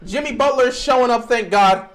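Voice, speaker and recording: A young man hosting a live stream, reacting to a basketball game as he watches it. He swings between quiet mumbling, pleading and sudden shouts. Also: very high-pitched, a little fast.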